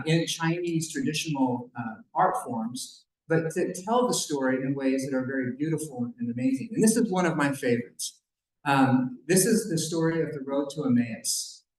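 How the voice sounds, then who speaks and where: Man, fairly high voice, conversational Bible storyteller at a banquet, echoey room. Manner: conversational, joking asides to the audience. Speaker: banquet speaker.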